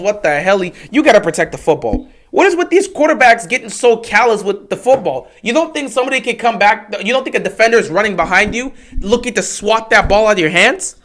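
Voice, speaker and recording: A man hosting a livestream, giving casual play-by-play commentary and reacting loudly to big plays. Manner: excitable, swings from low musing to loud shouting on big plays; chatty, talks straight to players and chat. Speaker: livestream host calling the game.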